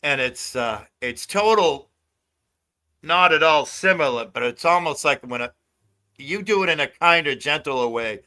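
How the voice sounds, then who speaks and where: A man's voice: a little high, lively intonation, unhurried, sharp tone. An older man hosting a casual phone livestream, talking loosely with lots of swearing and laughter. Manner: loose, profane, laughs a lot. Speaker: livestream host.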